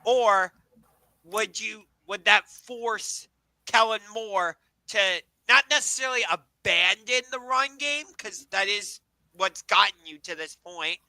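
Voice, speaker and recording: A man with a high, sharply bright voice recorded dry and close. He co-hosts a casual sports podcast, hedging with frequent ums and tossing questions back to his partner. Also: slow pace, no room sound, poor audio. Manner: hesitant, many ums, questioning. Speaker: podcast co-host.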